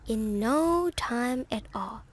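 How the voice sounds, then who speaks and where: Woman narrator, children's story, high, very slow. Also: expressive. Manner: very slow, careful delivery.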